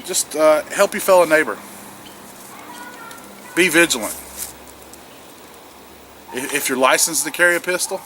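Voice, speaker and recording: A man with a slightly high, sharp-toned voice talks to camera in wet woods about preparedness, rambling and restarting his sentences. The earnest prepper vlogger, from South Carolina, US, repeats words throughout this casual monologue. Recorded on noisy outdoor camera audio, with ambience and a distant aircraft in the background.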